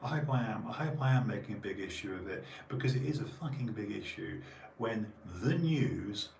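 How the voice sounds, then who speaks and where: A man's voice: fairly low pitch, animated, moderate pace, creaky, darkish tone, far from the mic. A man hosting a podcast, ranting emphatically with many restarts. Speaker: podcast host. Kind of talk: casual podcast chat. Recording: roomy sound from off mic, faint noise.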